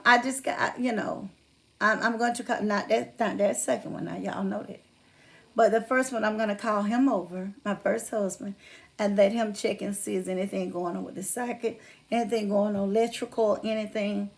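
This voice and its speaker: Gravelly-voiced woman chatting live. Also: medium pitch, moderate pace. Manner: chatty, greets viewers by name, speaks of faith. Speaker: livestream host. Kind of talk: casual livestream chat with viewers.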